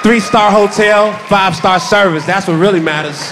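A man doing a stand-up set, telling a story in a laid-back, deadpan way. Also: high voice, normal speed, a crowd in the background, background noise. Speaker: stand-up comedian.

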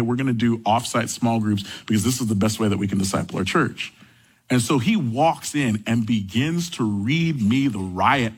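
A man in his thirties preaching a sermon, reading scripture and telling a lively story from his own life. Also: breathy edge, rough recording. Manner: lively storytelling, rises high and quick when animated. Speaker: pastor.

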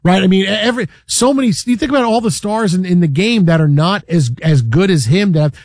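Brief: high-pitched male sports radio host, animated storyteller, dry close mic. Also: fairly quick, dry recording. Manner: animated storyteller, acts out quotes, shouts when excited. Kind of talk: casual sports talk.

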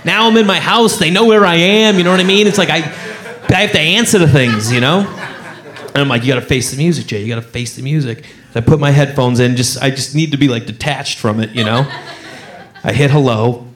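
A man doing stand-up comedy, telling a story and acting out every character's voice with animated swings. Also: a little high, normal speed.

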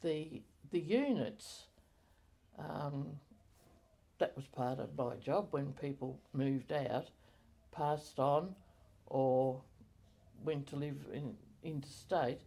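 An older woman recalling her community life in an oral history interview, halting with many fillers and self-corrections. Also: low-pitched, vocal fry, mellow, slightly rough.

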